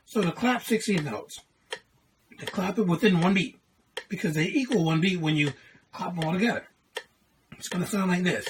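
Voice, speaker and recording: A woman's voice: fairly low pitch, background noise. A woman teaching a music lesson, patiently explaining note values and counting in before chanting syllables. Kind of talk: classroom lesson video.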